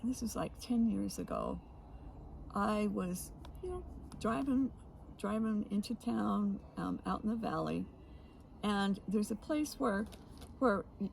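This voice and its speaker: A woman co-hosting a casual chat, telling odd stories with frequent laughs and halting restarts. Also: medium pitch, gravelly, darkish tone, a little hiss or hum, rough recording. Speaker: co-host.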